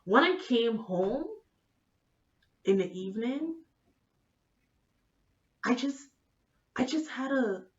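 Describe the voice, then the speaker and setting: A woman telling a comedic, profane story in an animated vlog style. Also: medium pitch, dull audio. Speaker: vlogger.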